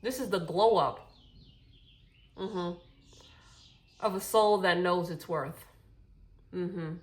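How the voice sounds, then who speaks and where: A woman with a medium-pitched, slightly bright voice gives a casual spiritual tarot reading while out of breath. She sounds reassuring, keeps repeating "okay," and often corrects herself.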